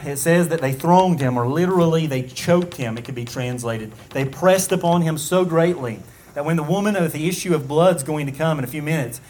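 A man preaching an expository sermon, earnest and measured, with frequent ums and restarts. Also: a little high.

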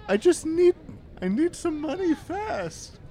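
A pushy pregnant nanny in a wig, done by a player in comedic role-play, swooping all over her range and dragging out each word. The voice stays mellow and dark in tone for all its theatrical wavering. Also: high voice, very animated, slow, full character voice. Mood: pleading.

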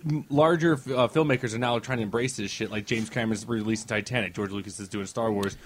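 A man's voice: on the low side, fast talker. A man in a casual podcast chat, teasing and sarcastic.

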